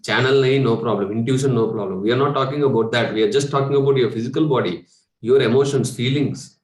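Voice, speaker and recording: In an echoey room, a meditation coach with an Indian English accent talks conversationally at a spiritual workshop, posing rhetorical questions and chuckling. He has a mid-range voice and talks fast.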